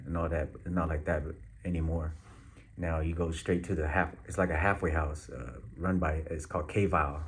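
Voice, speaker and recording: A man with a very low voice speaks straight to his viewers in a relaxed vlog. His talk is slangy and loose, with frequent pauses and fillers as he thinks aloud. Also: slight background noise. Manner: laid-back, slangy, halting with many fillers. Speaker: vlogger. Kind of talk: casual direct-to-camera update.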